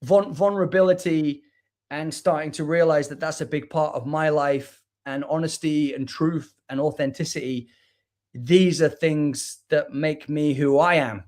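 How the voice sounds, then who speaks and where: A man's voice: on the high side, steady tone, measured pace, darkish tone. A British man from the United Kingdom, a spoken word artist talking as a guest on a livestream over a video call, earnest and reflective, often restarting his words. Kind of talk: candid conversation on a livestream.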